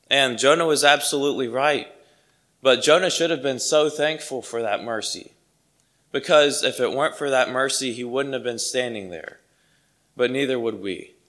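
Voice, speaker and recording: A man's voice: medium pitch, sharp tone. A man preaching a sermon to his congregation, earnest and emphatic, repeating key phrases for weight.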